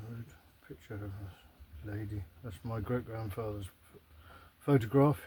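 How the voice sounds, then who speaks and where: A man's voice: medium pitch, breathy edge. A man rambling to camera in a casual, sweary, self-mocking monologue. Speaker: vlogger.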